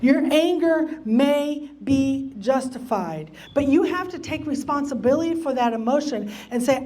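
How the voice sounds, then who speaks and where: Woman, high-pitched, church teacher, emphatic, repeats her points, acts out quotes. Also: expressive, measured pace, few pauses, warm tone. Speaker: church Bible study teacher. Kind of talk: church lesson on relationships. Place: church meeting room.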